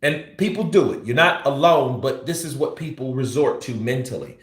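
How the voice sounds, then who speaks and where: Male boxing pundit on a live stream, mid-pitched, blunt and salty, echoey room. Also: moderate pace. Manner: blunt, profane, rants while teasing. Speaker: boxing commentary host. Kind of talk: livestream commentary.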